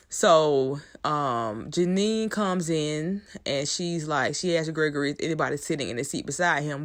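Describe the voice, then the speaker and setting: A woman giving a casual, frank recap of a TV episode, cursing freely and filling pauses with "um" and "okay?". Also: low-pitched, a bit bright. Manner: loose, frank, profanity-laced, many "um"s and "okay?". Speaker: TV episode reviewer.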